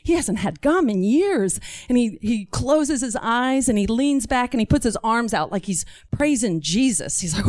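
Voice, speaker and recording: Woman, storyteller, live stage, lively pitch, dry sound, acts out voices. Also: normal speed, no room sound. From Texas. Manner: animated, acts out voices of others. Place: stage before a live audience.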